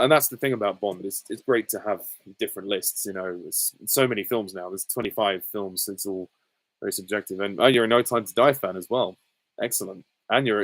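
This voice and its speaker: Man, 20s, low-pitched, casual live Q&A, hesitant, lots of ums, dry close sound. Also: no room sound, poor audio. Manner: easygoing, hesitant with frequent ums and soft laughs. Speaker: YouTuber answering viewer questions. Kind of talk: casual live Q&A reading chat comments.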